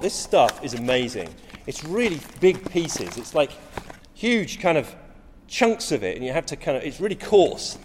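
A man's voice: fairly high pitch, big-room sound. A middle-aged man preaching a sermon, telling stories with rising emphasis and frequent restarts.

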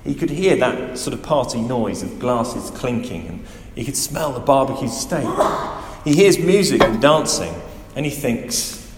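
A man delivers a sermon with a lively, rising-and-falling voice, pressing points home and asking the congregation questions. His words echo around a big hall with a long reverb tail and faint room noise behind. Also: mid-range voice, fairly quick. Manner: animated, emphatic, asks the listeners direct questions. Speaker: preacher. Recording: echoey hall with faint ambience.

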